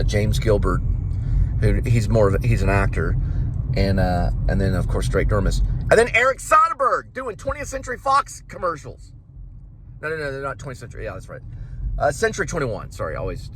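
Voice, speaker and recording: Man, vlog host, ranting and lecturing, higher voice that swings widely, faint car noise behind. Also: fairly bright tone. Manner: lecturing with rhetorical questions. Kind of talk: casual rant.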